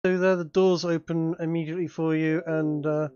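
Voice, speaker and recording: A man's voice: a little high, level tone, moderate pace, a little mellow, clear, resonant tone, dry recording, muffled recording. A man narrating a tabletop game as game master, hesitant and full of fillers, over an online voice call. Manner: hesitant, many fillers and restarts.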